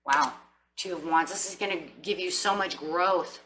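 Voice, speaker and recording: A woman's voice: lowish voice, moderate pace, slight background noise, poor audio. A woman giving a casual, chatty tarot reading to her viewers, often acting out what people say to themselves. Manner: chatty, animated, acts out inner voices. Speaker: tarot reader.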